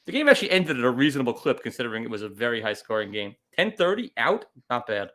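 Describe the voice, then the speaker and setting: A man's voice: medium pitch, sing-song, fast talker, fairly bright tone. A man co-hosting a casual comedy podcast with wry, offhand jokes. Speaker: podcast co-host.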